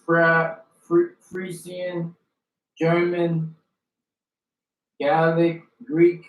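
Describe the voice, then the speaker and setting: A man reading a long list of dictionary terms one by one, slow and deliberate. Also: a little high, monotone. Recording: roomy sound from a distance.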